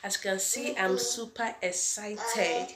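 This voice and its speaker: A woman's voice: mid-range voice, steady tone, takes it slowly, reverberant, heavy background noise. A young Nigerian woman with a Nigerian accent, chatting casually to her viewers in a home vlog and repeating her phrases. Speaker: vlogger. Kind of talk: casual vlog chat to camera.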